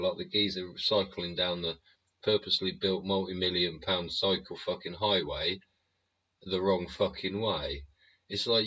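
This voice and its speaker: A man's voice: deep voice, bright, forceful tone, breathy edge. A man hosting his show in a sweary, rambling rant full of tag questions and chuckles. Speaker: show host. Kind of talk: casual ranting monologue. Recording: dull lo-fi recording.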